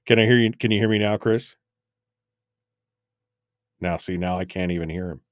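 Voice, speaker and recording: Male talk radio host, lower register, casual and flustered live-on-air patter in a dry studio. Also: normal speed, no echo. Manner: rambling and flustered while fixing broken equipment on air, many restarts.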